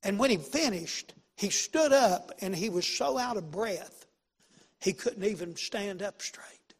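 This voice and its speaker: Man, pastor, sermon storytelling, repeats himself for emphasis, high pitch. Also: animated, a little slow, husky, in a large hall. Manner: folksy, emphatic, repeats phrases, swings from loud to hushed.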